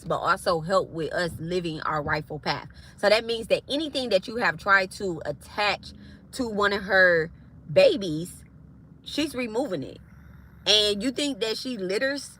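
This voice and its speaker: A woman's voice: fairly low pitch, sharp tone. A woman spiritualist ranting to her viewers on a livestream, heated, confrontational and profane. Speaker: spiritualist live streamer.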